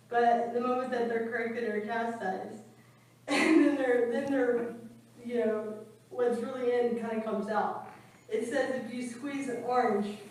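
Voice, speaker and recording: A woman's voice: on the high side, slight background noise. A woman giving a scripture class in a temple room, telling stories and acting out what people said. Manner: storytelling with acted quotes. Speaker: class speaker. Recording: echoey room from far off.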